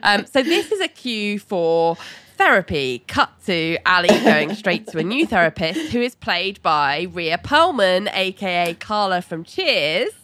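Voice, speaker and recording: A woman's voice: medium pitch, big pitch swings, measured pace, fairly bright tone, no echo. A woman co-hosting a podcast, chattily recapping a TV episode with a lot of "like" and some giggling. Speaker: podcast co-host.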